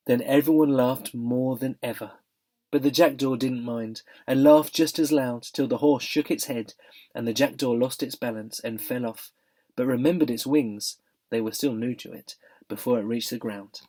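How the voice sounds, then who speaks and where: A man's voice: mid-range voice, steady tone, normal speed, mellow. A man reading a children's novel aloud, narrating steadily with some expression. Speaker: reader. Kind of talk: audiobook narration.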